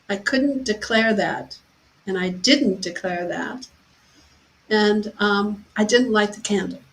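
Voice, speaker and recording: A woman hosting a talk show, telling a personal story in a heartfelt way and getting animated when she quotes people. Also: mid-range voice, rough recording. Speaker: podcast host.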